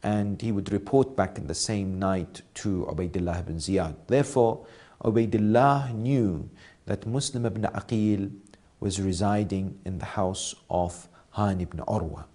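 A man narrating a historical story in a measured way. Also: on the low side, dark tone.

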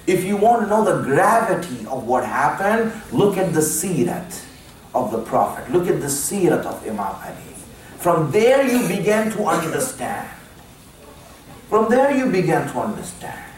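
A man's voice: on the high side, slight background noise. Earnest preacher man in echoey hall. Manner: earnest, repeats lines for emphasis, addresses audience as my friends. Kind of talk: sermon. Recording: very echoey hall, mic at a distance.

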